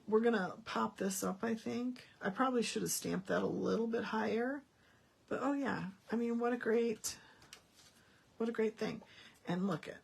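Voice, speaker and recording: A woman's voice: medium pitch, creaky, a little hiss or hum. A woman demonstrating card-making in a chatty, folksy way, thinking aloud as she works. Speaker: Stampin' Up demonstrator. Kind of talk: casual card-making demo.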